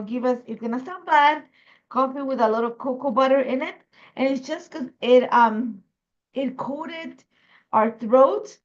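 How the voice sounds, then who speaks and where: A woman's voice: on the high side, highs cut off. A woman from Ecuador with an Ecuadorian Spanish accent and Spanish as her first language, chatting casually as she hosts a crafting video while fighting a cough. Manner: chatty, rambling, many fillers. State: fighting a cough, throat irritated. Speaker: crafting host.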